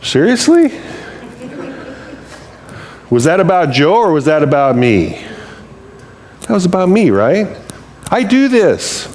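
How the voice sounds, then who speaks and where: A man's voice: fairly high pitch, sing-song, unhurried, long pauses, darkish tone. Chatty, joking male pastor preaching. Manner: conversational, humorous, acts out quotes. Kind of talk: sermon.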